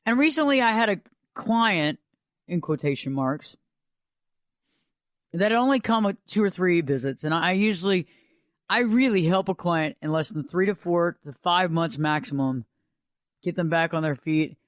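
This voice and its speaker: A woman's voice: lowish voice, animated, moderate pace, pauses often, dry recording. Dry-voiced woman telling stories on radio. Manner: conversational, repeats "think about" to make points. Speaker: life coach and radio host. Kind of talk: storytelling talk-show monologue.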